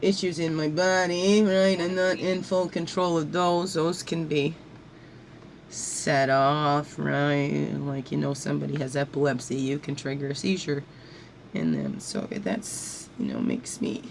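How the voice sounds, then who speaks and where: A woman's voice: deep voice, a little slow, gravelly, slight background noise, poor audio. A woman talking through her feelings in an emotional, rambling monologue, at times crying and repeating her words as her voice rises. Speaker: spiritual guidance vlogger.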